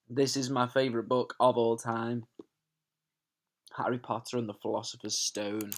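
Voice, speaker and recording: A man, a teacher chatting to his pupils and then reading a storybook aloud from his sofa at home, chatty and often laughing at himself. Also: medium pitch. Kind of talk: casual chat then storybook read-aloud. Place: home living room, on a sofa. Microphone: camera in front of him.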